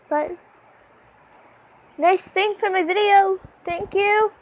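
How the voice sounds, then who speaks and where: A woman's voice: extremely high pitch, measured pace, long pauses, slight background noise, poor audio. A woman vlogging outdoors, chatty and talking straight to her viewers while she films on a handheld phone. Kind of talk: casual vlog narration to viewers. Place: outdoors under a stormy sky.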